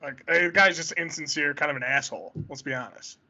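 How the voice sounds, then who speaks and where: A man co-hosting a sports podcast in casual chat, with blunt, wry asides. His voice is very bright and sharp, and a touch higher than most. The audio sounds slightly dull. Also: fast. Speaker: podcast co-host.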